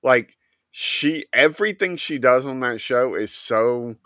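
A man's voice: mid-range voice, animated, measured pace, bright, forceful tone, no echo, clean studio sound. A man in casual chat, giving blunt, offhand opinions.

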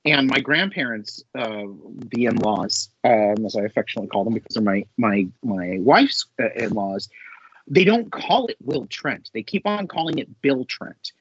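A man co-hosting a casual pop culture podcast, telling stories in an animated way with a husky voice. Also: medium pitch, moderate pace, dry recording, lo-fi sound. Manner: animated storytelling, laughs often. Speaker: podcast co-host.

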